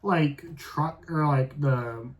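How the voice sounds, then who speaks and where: A man's voice: a little high, drawn-out words. A man in his thirties co-hosting a casual podcast, rambling and filling his sentences with "like". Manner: rambling, heavy use of "like". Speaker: podcast co-host. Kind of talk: casual chat.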